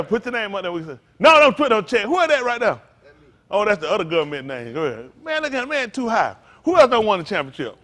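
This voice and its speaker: Man, pastor, high voice, animated, talks back and forth with the congregation. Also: fast. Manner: animated, calls out to the congregation, folksy vernacular. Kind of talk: interactive sermon.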